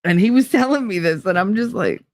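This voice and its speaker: A woman's voice: medium pitch, animated, dry recording. Blunt, foul-mouthed middle-aged woman. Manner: blunt, profane, quick to swear; acts out both sides of conversations in shifting voices. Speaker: podcast host. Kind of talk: casual storytelling.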